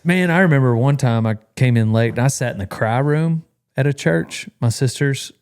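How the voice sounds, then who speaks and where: A man's voice: mid-range voice, normal speed, a little mellow, clean tone. A man hosting a casual podcast chat, joking and bantering with drawling humor. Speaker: podcast host.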